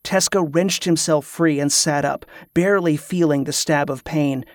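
A man reading a novel aloud in a steady, even narration. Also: on the high side, normal speed, dry recording, studio quality. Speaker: audiobook narrator. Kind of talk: scripted narration.

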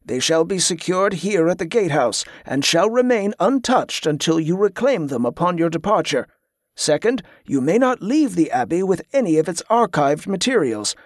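A stately monk gatekeeper, as a male reader puts him on, reciting rules in a measured, ceremonious manner. The voice sits a little high and sounds close and dry, with no room around it. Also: no echo.

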